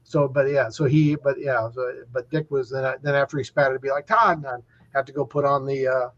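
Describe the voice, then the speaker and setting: A man's voice: mid-range voice, level tone, fairly quick, lo-fi sound. A man who works as an equipment manager, telling rambling anecdotes on a talk show, with many restarts. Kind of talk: casual storytelling chat.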